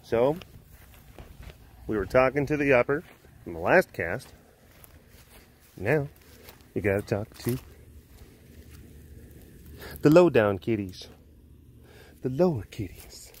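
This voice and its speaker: A man's voice: medium pitch, expressive, slow pace, pauses often. A man hosting a casual walking vlog outdoors at an animal compound, playfully cooing at the cats as he goes. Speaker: vlog host at a big cat facility.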